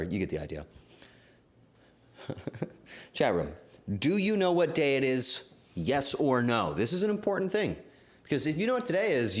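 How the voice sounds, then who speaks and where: Guy streamer goofing around with chat, voice bouncing all over, middle pitch. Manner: playful, teasing, excitable. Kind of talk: livestream chat with viewers.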